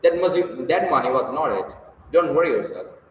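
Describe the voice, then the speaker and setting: A man's voice: fairly high pitch, very animated, moderate pace. A man reading aloud voices a tormented, bitter young man in an intense, despairing confession. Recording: echoey hall, distant mic, faint hiss.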